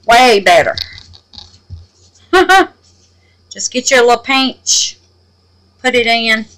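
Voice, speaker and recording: Lively woman chatting through a craft. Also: medium pitch, poor audio. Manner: chatty, exclaims to the Lord, mutters half-whispered asides. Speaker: resin craft channel host. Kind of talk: casual crafting tutorial.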